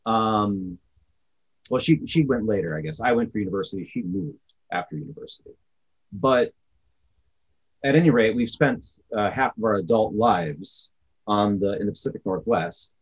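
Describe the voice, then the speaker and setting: A man's voice: fairly low pitch, animated, normal speed, husky, muffled recording. A man from Wisconsin, co-hosting a casual podcast chat, telling stories in a reflective, rambling way. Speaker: podcast co-host.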